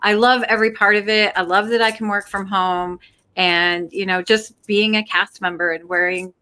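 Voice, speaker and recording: A woman chatting casually on a livestream, giggly and excitable, trailing off into fillers. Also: medium pitch, moderate pace, clear, resonant tone. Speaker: guest.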